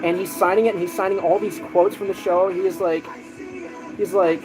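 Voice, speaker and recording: A man's voice: sits high, moderate pace, poor audio. Chatty man telling stories over music. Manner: animated storytelling with many fillers and restarts. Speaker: streamer. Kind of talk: casual chat.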